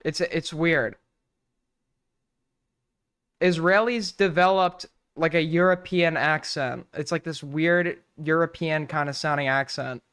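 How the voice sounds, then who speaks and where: A male streamer with a high, crisp voice rambles through crude, irreverent commentary. The sound is dry and close. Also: fairly even intonation, slow pace, a bit bright, no echo. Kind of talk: casual live-stream commentary.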